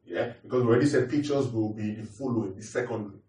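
A man with a lowish, dark voice speaks fast while preaching a teaching sermon, repeating his points and putting questions to the congregation. The mic is distant and the room echoes.

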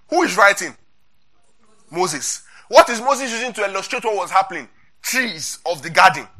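Bright, animated preacher quizzing his congregation. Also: sits high. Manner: quizzes the congregation, repeats key questions. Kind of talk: interactive Bible teaching sermon.

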